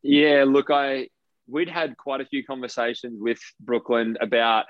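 A man's voice: medium pitch, moderate pace, dry recording. Man, Australian accent, casual interview storytelling, emphatic, swears freely, dry dull recording. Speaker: professional basketball player guest. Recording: dry, slightly dull lo-fi sound.

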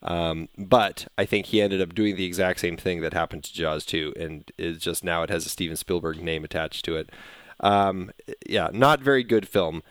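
A man's voice: low-pitched, normal speed, fairly bright tone, no echo. A man co-hosting a film podcast, talking thoughtfully with some hesitation. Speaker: podcast co-host. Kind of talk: casual film discussion.

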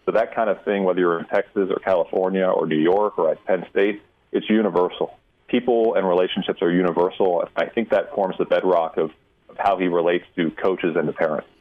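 A man, a college football insider, answering questions on a radio show in a measured, emphatic way. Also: sits low, fairly even intonation. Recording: tinny phone line.

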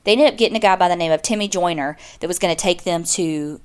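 A woman's voice: fairly low pitch, quick pace, clean tone. A woman, casually telling a true-crime story as a podcast co-host, chatty and full of "like.". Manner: chatty, lots of "like", acts out quotes.

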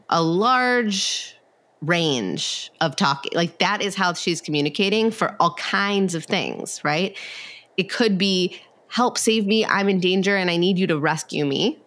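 Woman, low voice, therapist, casual podcast chat, lots of "like" fillers. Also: fairly bright tone. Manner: conversational, many fillers, acts out quoted voices.

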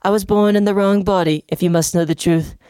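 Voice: medium pitch, steady tone, fairly quick, mellow, smooth, no echo, studio quality, pitched above the performer's own voice, close to an everyday voice. A podcaster voicing a fussy, self-important headmistress witch while reading fan fiction aloud. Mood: prim.

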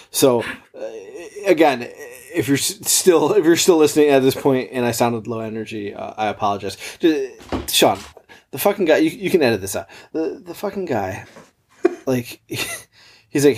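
A man's voice: medium pitch, a little mellow. A man in his thirties casually telling a long, profane story, with frequent laughs, as a podcast co-host. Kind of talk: casual chat.

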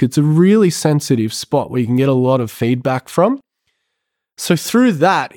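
Male counsellor, mid-pitched, earnest and excitable, dry close sound. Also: dry recording. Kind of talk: podcast discussion.

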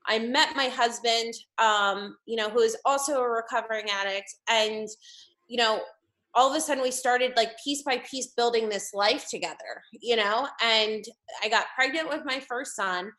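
Woman in her 30s from new jersey, bright slightly high voice, open heartfelt storytelling, lots of "you know". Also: moderate pace. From New Jersey, USA. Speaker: guest in recovery, mother. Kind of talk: candid personal storytelling.

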